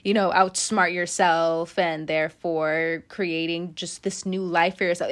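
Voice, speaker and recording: A young woman giving a casual, animated tarot reading, swearing freely and laughing often. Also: lowish voice, a little slow, few pauses. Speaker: tarot reader.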